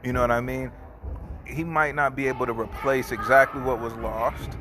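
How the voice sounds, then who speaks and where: A man speaking casually and sincerely in a middle-pitched voice. He rambles and restarts his sentences, then moves into heartfelt prayer. A steady wash of background noise runs under the recording. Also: normal speed. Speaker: barber and host.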